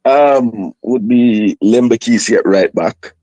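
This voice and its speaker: A man joining a call as a guest, speaking in a measured, hesitant way with restarts. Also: mid-range voice, warm tone, no echo, low-quality recording. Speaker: guest analyst. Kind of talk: casual football chat.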